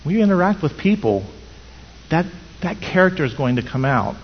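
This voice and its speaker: Husky man preaching in an echoey hall. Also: fairly high pitch, big pitch swings, brisk. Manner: earnest, storytelling, rhetorical questions. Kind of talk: sermon. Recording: dull sound in echoey hall.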